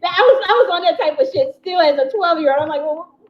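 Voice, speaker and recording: A woman's voice: very high-pitched, quick pace. A woman telling a rambling personal story in a casual way, with lots of fillers, frequent laughter and free swearing. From United States. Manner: chatty, laughs often, many "you know" fillers, swears freely. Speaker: spiritual teacher and channel host. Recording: slightly dull recording with faint background hiss.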